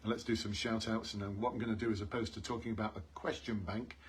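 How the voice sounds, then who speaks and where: A fast-talking man with a slightly rough voice on the low side, showing little pitch movement, coaches police job applicants on a live stream. Earnestly, he repeats the essentials and calls out to those watching.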